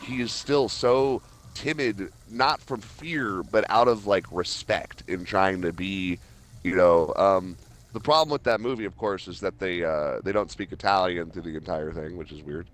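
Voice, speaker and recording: A man's voice: deep voice, moderate pace. A young man hosting a game stream, chatting casually and rambling with lots of fillers. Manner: rambling, heavy use of "like". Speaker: host.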